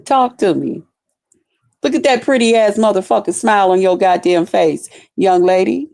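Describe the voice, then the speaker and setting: A woman voicing a man who flatters a pretty young woman in a lowered, coaxing voice. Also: moderate pace, gravelly, close to an everyday voice.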